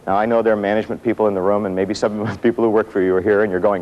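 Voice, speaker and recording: A man giving a motivational workshop talk to an audience in a room, telling stories with self-mocking humor and dramatic pauses. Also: fairly low pitch, little pitch movement, a little mellow, highs cut off, slight background noise. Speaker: motivational speaker.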